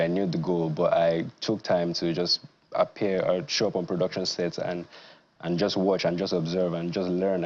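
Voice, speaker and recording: Deep, flat-voiced young actor. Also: male voice, highs cut off. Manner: measured, earnest, with many fillers. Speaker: actor, guest. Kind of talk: studio interview.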